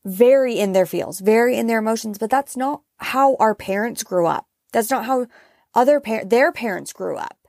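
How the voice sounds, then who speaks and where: A woman's voice: on the high side, moderate pace, a little mellow, no echo, studio quality. A woman in her thirties hosting her own podcast, talking frankly and casually, with the odd swear word. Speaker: podcast host. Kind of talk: casual solo podcast talk.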